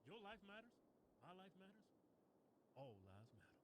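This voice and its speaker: A man trading crude wisecracks on a comedy show, bursting into loud laughs. His slightly high voice leaps wildly in pitch. A clear, steady rumble sits underneath. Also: normal speed. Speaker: co-host. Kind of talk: casual comedic banter.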